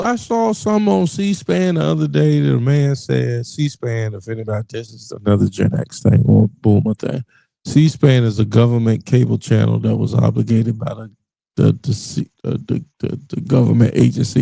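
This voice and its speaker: A man's voice: mid-range voice, vocal fry, husky, no room sound. A middle-aged man from the Richmond, Virginia area hosting a podcast, ranting bluntly and profanely in a casual monologue. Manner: blunt, profane, animated rants with laughs. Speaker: podcast host.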